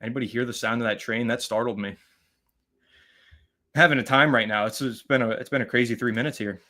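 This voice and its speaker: A chatty male host with a sharp, bright voice. He talks loosely and rambles as he reads viewer comments on a live stream, shouting out people by name between his thoughts. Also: mid-range voice, fairly even intonation, fast.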